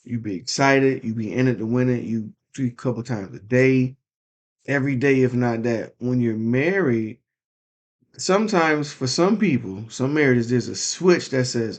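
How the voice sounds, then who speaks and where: A man's voice: medium pitch, moderate pace. Young guy cohosting a podcast, laid back slangy teasing talk. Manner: casual, teasing, slangy banter. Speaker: podcast co-host. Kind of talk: casual chat.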